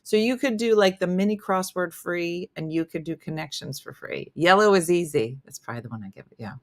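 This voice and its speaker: A woman's voice: fairly low pitch, brisk. Woman, comedian, live morning show host, casual chatty, self-deprecating, talking into a phone. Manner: chatty, self-deprecating, reads viewer comments aloud. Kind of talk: casual live-stream chat.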